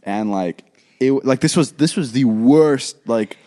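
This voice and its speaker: Unhurried and mellow, a young podcast co-host recounts a story in easygoing conversation. When quoting people he shifts into a higher voice, often restarting sentences and using lots of fillers.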